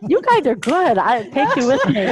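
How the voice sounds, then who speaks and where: A woman's voice: sits high, wildly swooping pitch, normal speed, crowd noise, low-quality recording. Rambling, laughing American woman comedian. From United States. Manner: rambling, self-interrupting, laughs often. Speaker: comedian guest. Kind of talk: casual interview storytelling.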